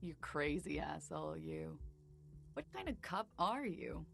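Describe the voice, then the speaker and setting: A woman's voice: sits low, big pitch swings, a little slow, gravelly, exaggerated voice. An actress voicing a worldly young woman in a video game, wry and teasing.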